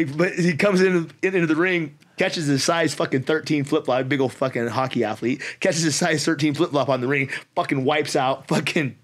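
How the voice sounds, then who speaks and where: A man telling a fight story in a casual podcast chat, swearing constantly and laughing as he goes. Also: fairly high pitch. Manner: profane, animated storyteller with laughter. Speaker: podcast guest.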